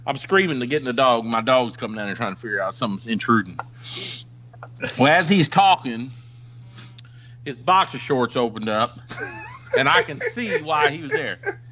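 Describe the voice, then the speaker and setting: A middle-aged man from the Ozarks telling a crude police story on a podcast in a rambling, animated way. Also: medium pitch, normal speed, pauses often, lo-fi sound. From Ozarks, United States. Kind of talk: casual storytelling chat.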